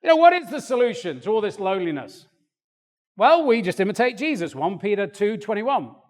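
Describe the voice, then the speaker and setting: An older man preaching a sermon in a church, animated and acting out quoted voices. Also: sits high, brisk. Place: church hall. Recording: long reverb of a church hall.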